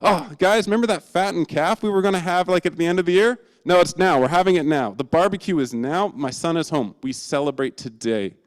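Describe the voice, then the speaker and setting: A man's voice: on the high side, brisk, few pauses, big-room sound, pitched above the performer's own voice, close to an everyday voice. A man voicing a joyful father who calls out orders to celebrate his son's return. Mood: overjoyed. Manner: excited, shouting orders. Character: older man, a joyful father welcoming his son home.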